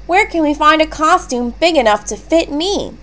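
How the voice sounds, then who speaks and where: A woman's voice: high-pitched, expressive, normal speed, a bit bright, pitched above the performer's own voice. A woman voicing a big young male moose in a children's storybook, asking anxious, pleading questions. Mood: worried.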